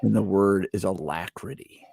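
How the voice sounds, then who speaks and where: A man's voice: low voice, normal speed, gravelly, a little mellow, slightly rough. A man hosting a casual gaming chat, joking around and playful. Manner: playful, jokey, puts on accents. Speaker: podcast host.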